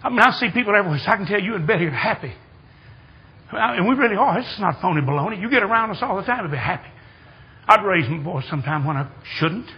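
An older man preaching a sermon in a church, telling folksy stories and building to excited shouts. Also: sits high, fast talker, husky, dull audio. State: hard of hearing. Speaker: guest preacher. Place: church sanctuary.

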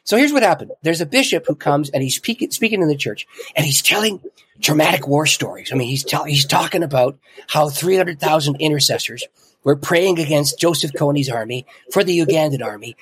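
A middle-aged man, a podcast guest, telling a story in an animated way with frequent chuckles. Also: fairly high pitch, slightly rough, no echo. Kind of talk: casual storytelling in an interview.

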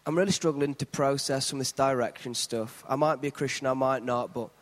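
Church host with a steady, encouraging delivery, recorded in a reverberant hall. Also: male voice, medium pitch, fairly quick. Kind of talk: church service hosting and closing prayer.

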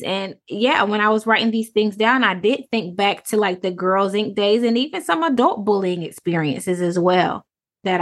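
A woman co-hosting a podcast, speaking in a reflective, emphatic way and laying out her points one by one. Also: on the low side. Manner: reflective, emphatic, list-like statements. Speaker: podcast co-host. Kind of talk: casual podcast conversation.

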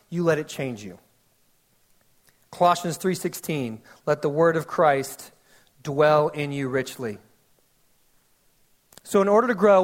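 A man in his thirties, a pastor preaching a sermon in a conversational, animated way with quick asides. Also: high-pitched.

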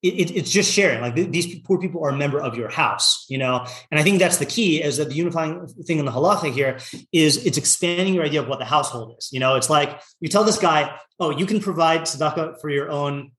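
A man's voice: on the high side, animated, fast, a bit bright, echoey room. A man teaching a casual Torah lesson, talking in a loose conversational way full of "like" and "you know", reading Hebrew passages aloud and translating them.

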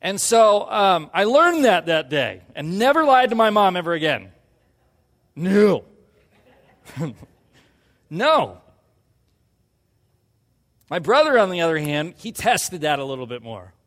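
High-voiced preacher in a reverberant hall. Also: male voice, sing-song, slow, long pauses. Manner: storytelling, acts out quotes in a hushed voice, swings to loud emphasis. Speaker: pastor. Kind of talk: sermon with personal story.

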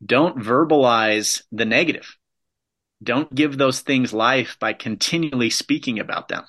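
Forceful, bright-voiced motivational speaker man. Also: medium pitch, a little slow. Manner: emphatic, punchy repetitive phrasing. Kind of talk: motivational talk.

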